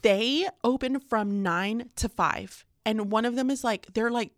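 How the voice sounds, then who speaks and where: A woman's voice: fairly high pitch, measured pace, dry recording, studio quality. A woman co-hosting a casual podcast, talking expressively and ranting with exasperated sighs. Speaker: podcast co-host. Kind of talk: casual chat.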